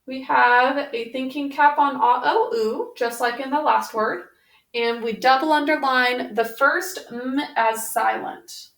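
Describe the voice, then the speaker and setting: A woman's voice: high-pitched, measured pace, gravelly, a bit bright. A woman teaching a spelling lesson on video, patiently sounding out words one sound at a time. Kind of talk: slow, careful spelling lesson. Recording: roomy echo.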